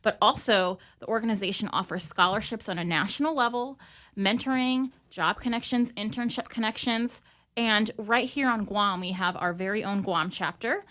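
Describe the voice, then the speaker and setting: A woman's voice: medium pitch, normal speed, sharp tone. A woman airline pilot, guesting on a radio interview, speaking in an upbeat, enthusiastic way. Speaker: airline pilot and chapter vice president.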